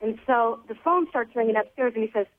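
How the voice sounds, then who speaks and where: A woman's voice: fairly high pitch, fairly quick. A woman calling in by phone, telling a long joke in a casual, rambling way full of slang. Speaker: caller. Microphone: telephone. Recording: thin phone line.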